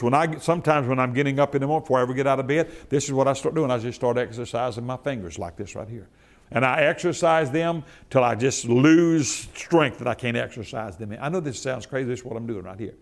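A man preaching a sermon to a church, folksy and repetitive, building from calm teaching to loud, fervent preaching. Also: mid-range voice, normal speed. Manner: folksy, repeats phrases for emphasis. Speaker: pastor.

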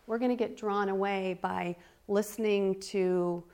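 A woman teaching the Bible, reading scripture aloud slowly and deliberately, with earnest conversational asides. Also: medium pitch, steady tone, a little mellow. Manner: reads slowly and deliberately, stressing key words.

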